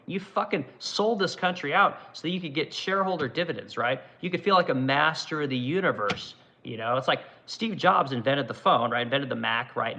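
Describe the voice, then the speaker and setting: Man, middle-aged, livestream host, profane angry rant, gravelly voice, bright. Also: medium pitch. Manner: angry, profane, repetitive "right?". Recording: dull lo-fi sound.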